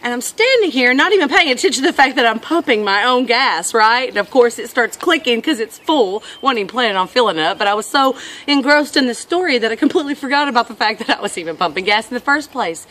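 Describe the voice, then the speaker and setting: Woman, vlogger, casual storytelling, earnest, reflective, bright voice, a bit high. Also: animated, fast.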